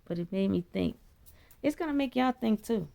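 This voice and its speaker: A woman telling a spiritual story in a blunt, profane, chatty way, her voice leaping high when she quotes herself. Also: expressive, normal speed, gravelly, dark tone. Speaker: vlogger. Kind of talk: casual spiritual storytelling monologue.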